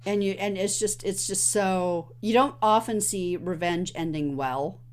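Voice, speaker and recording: A woman co-hosting a casual podcast, bouncing through a movie plot with animated voices for each character. Her pitch sits in an ordinary middle range and she talks in excited bursts. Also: measured pace. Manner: animated retelling, acting out movie lines. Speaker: podcast host. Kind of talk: casual film recap chat.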